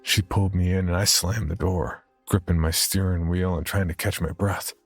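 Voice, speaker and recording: A man narrating a first-person horror story in a steady, measured storytelling manner. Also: sits low, breathy edge, soft background music.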